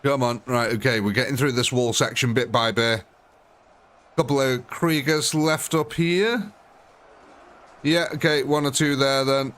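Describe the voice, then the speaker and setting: A man's voice: medium pitch, fairly even intonation, unhurried, a bit bright. A man commentating a live strategy game, chatty and thinking aloud, often talking straight to the units on screen. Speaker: gaming streamer.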